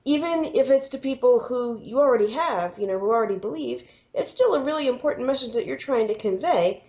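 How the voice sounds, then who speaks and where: A woman's voice: a little high, lively intonation, brisk, dark tone. A woman co-hosting a podcast in casual chat, rambling and acting out film scenes with lots of "you know". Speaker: podcast co-host. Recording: dull lo-fi podcast sound.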